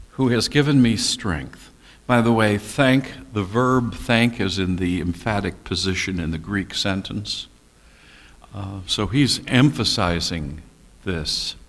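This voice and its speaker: A man teaching a Bible study class, reading scripture deliberately and making folksy, teasing asides to his listeners. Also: on the low side, fairly bright tone.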